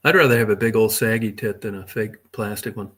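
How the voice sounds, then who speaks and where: A man's voice: on the low side, fairly even intonation, fairly quick, fairly bright tone. A middle-aged man hosting a casual livestream, rambling crudely with lots of swearing and talking to chat viewers by name. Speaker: livestream host.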